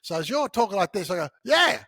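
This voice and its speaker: A man on a podcast as a guest, teaching sales in an animated, conversational way and acting out bits of dialogue. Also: sits high, very fast, no room sound. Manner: animated storyteller who acts out dialogue.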